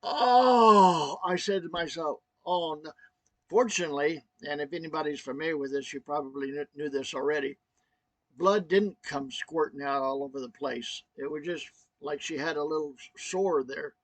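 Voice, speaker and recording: Brief: choked-up man vlogging a personal story, halting with many restarts, slightly high, dry. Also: no room sound.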